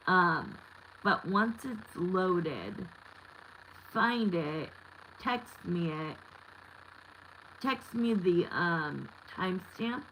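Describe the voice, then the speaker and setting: A woman's voice: on the low side, sharp tone, a little hiss or hum, low-quality recording. A woman in her thirties giving a live tarot reading, talking candidly and bluntly with lots of fillers. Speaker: tarot reader.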